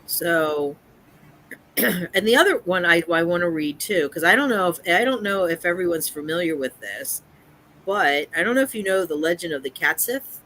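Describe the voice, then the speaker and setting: Stream host, crisp bright tone; casual live chat, reads folklore text with restarts. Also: medium pitch, expressive, moderate pace, rough recording. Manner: reads from an article with frequent restarts.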